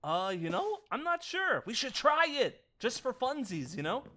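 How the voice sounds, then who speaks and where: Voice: mid-range voice, big pitch swings, normal speed, bright, forceful tone. A player voicing a scared ghost boy trapped inside a robot fox, stammering and repeating words in a playful game role-play. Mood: panicky. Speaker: roleplayer.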